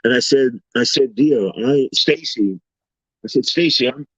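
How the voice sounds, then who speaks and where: A man swaps stories on a casual talk panel, animated and acting out the voices of the people he meets. His pitch sits in an ordinary middle range. The recording is dry, with a slightly dull, lo-fi tone. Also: unhurried, breathy edge, dry recording. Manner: animated storyteller, acts out quoted voices. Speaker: panel guest. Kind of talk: casual storytelling chat.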